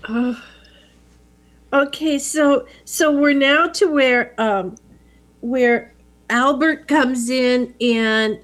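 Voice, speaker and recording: A woman co-hosting a podcast in casual chat, giggly and quick to apologize. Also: high-pitched. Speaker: podcast co-host.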